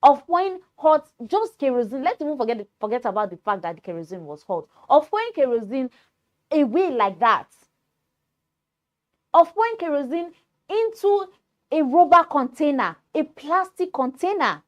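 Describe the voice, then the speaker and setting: A woman's voice: high voice, sing-song, normal speed. A woman with a Nigerian accent hosting a reality-show recap, talking emphatically and repeating points for effect. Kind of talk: opinionated entertainment commentary.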